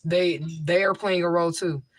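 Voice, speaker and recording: A livestream host with a fairly low, fairly even voice answers viewer comments at a normal pace, speaking into a mic fitted with a homemade tissue filter. She's blunt and repeats herself for emphasis in this casual stream, and the recording has no echo.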